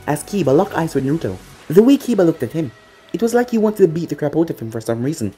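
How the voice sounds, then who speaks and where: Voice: medium pitch, quick pace, breathy edge, soft background music. A storyteller reading a fan-made anime story aloud, acting out each character. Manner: animated, acts out the characters. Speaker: channel storyteller.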